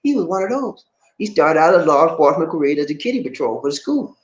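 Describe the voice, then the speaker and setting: A middle-aged man hosting a casual online live chat, his pitch swinging widely as he tells stories with outspoken, laughing energy. The room is echoey. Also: quick pace, muffled recording. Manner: animated, laughing, outspoken storyteller. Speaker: YouTube show host.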